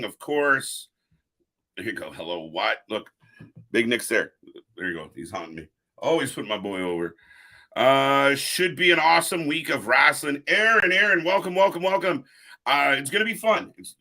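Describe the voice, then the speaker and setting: An upbeat man hosts a live wrestling stream and chats easily with his viewers. His voice is bright and forward at a middling pitch, and he talks casually into a desk mic, calling out chatters by name. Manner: upbeat, greets chatters by name, reads chat aloud. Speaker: host of a live wrestling watch-along stream.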